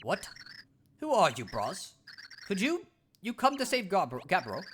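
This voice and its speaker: A man's voice: high voice, huge pitch swings, unhurried, slight background noise, exaggerated voice. A man reading a loyal cave creature from a video game that speaks in broken, slangy sentences. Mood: earnest. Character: simple-talking cave creature, gruff and loyal.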